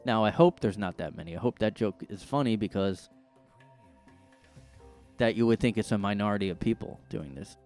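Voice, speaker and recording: A man's voice: on the low side, moderate pace, pauses often, darkish tone, soft background music. A man hosting his own podcast in a casual, rambling monologue, sarcastic and full of "like". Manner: rambling, sarcastic, heavy use of "like". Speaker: podcast host. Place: his room.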